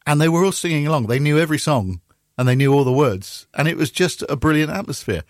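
A man's voice: fairly high pitch, fast, dry recording, clean studio sound. A middle-aged man with a Bristolian accent, a radio presenter telling anecdotes in casual chat and acting out the voices he quotes. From Bristol, England. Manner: lively storyteller, acts out quoted voices.

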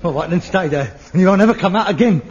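A middle-aged man, acting in an old TV sitcom, theatrical and excitable, muttering one moment and ranting the next. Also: sits high, fast. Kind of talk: 1960s-70s TV sitcom acting. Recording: lo-fi archive TV sound with faint hiss.

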